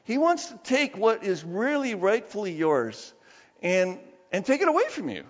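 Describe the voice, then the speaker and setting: A man preaching a sermon as pastor, praying softly and slowly, then telling stories with lively emphasis. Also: sits high. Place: church sanctuary. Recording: dull sound with long reverb of a church hall.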